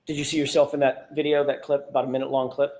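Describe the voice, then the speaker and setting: Flat-voiced man examining a witness. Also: mid-range voice. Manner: measured, procedural questioning. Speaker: trial attorney.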